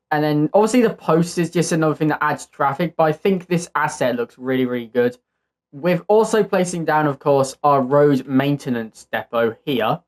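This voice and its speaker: A man hosting his own channel, giving casual gameplay commentary and thinking aloud in an easygoing way as he builds. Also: fairly high pitch. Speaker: channel host.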